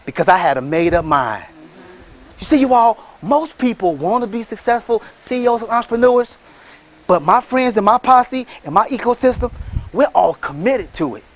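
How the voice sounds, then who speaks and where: An animated man with a high voice delivers a motivational speech on business success at a moderate pace. A franchise entrepreneur and motivational speaker, he rouses the audience like a preacher, calling for responses and bursting into shouts.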